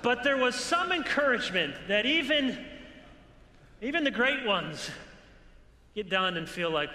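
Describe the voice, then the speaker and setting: A man's voice: very high voice, very animated, a little slow, pauses often, pushed and bright, a little hiss or hum. A man preaching an earnest, exhorting conference sermon with touches of dry humor, recorded in a large hall with an audience. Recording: echoey hall with long reverb.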